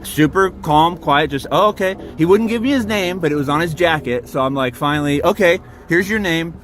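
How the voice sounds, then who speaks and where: A man recounting a run-in with security and deputies, talking in a heated, profane way and stringing quick clauses together. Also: a little high, fairly bright tone. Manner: heated, profane, rapid storytelling. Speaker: RV park guest filming his own encounter. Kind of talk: agitated recounting and confrontation.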